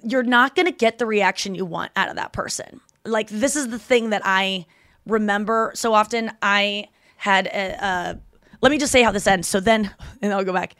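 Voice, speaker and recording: A woman's voice: medium pitch, normal speed, a bit bright, no room sound, studio quality. A woman in her thirties hosting a podcast, chatting casually and retelling stories with quoted voices. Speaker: podcast host and comedian.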